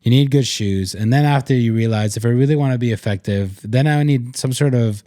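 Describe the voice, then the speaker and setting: A man's voice: mid-range voice, a little fast, mellow, no echo, studio quality. A young man co-hosting a podcast, talking encouragingly with his partner, with small stutters and repeats. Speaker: podcast co-host. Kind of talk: casual conversation with partner.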